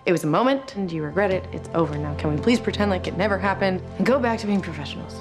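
An actress playing a flustered young professional woman who gives brisk, clipped replies. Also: fairly low pitch, lively intonation, natural voice. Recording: TV clip with faint music.

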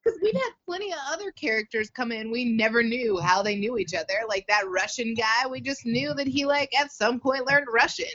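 A woman's voice: fairly high pitch, a little fast, few pauses, fairly bright tone, muffled recording. A woman co-hosting a podcast in casual chat, playful and teasing. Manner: playful, teasing, laughs a lot. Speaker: podcast co-host.

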